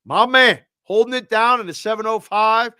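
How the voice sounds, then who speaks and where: A male host on a live show, cheerfully reading out viewer shout-outs with names and area codes. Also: high-pitched, moderate pace, clean tone, no echo, studio quality.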